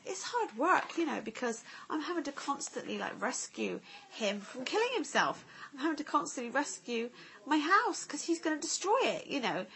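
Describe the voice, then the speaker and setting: A woman's voice: high-pitched, fairly bright tone, slight background noise. A woman, a mother vlogging at home, chatting candidly to camera with lots of "like" and "you know". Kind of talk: casual chat to camera. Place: family home.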